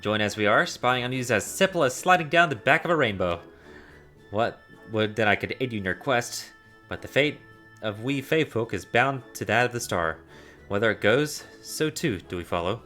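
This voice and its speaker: A vain, theatrical fey spirit who drags out every phrase in a sing-song lilt, as a male streamer puts it on. The voice sits at a middling pitch. Soft music plays underneath. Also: expressive, moderate pace.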